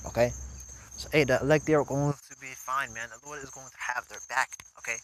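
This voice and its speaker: A man teaching from scripture in an informal way. He keeps tagging his remarks with "man", "okay?" and "all right?", and reads the verses aloud louder and more formally than his own talk. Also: medium pitch, fairly even intonation, brisk, slight background noise, rough recording. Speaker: religious teacher. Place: outdoors at a camp.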